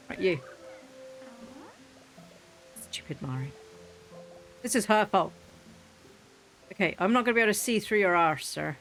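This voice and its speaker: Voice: medium pitch, lively intonation, fairly quick, pauses often, a bit bright, soft background music. A gaming host giving casual gameplay commentary, chatting away, talking to the game's animals and breaking into mock-furious rants.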